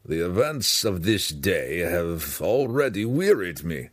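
A man reading aloud, voicing a gruff male deep gnome mining leader with slow, grave lines. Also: big pitch swings, dry recording, full character voice.

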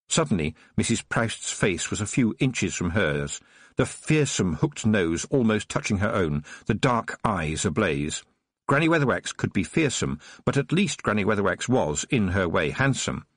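A man narrating an audiobook in an expressive storytelling manner, recorded on a close studio mic. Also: lowish voice, moderate pace, no echo.

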